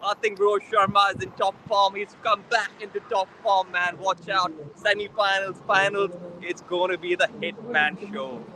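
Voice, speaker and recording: A man's voice: sits high, fairly even intonation, moderate pace, noisy background, close to an everyday voice. A man voicing a hyped male cricket pundit in a put-on Jamaican accent, ending his lines with "man". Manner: exuberant, chanting "man" at each line end. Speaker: cricket show panelist.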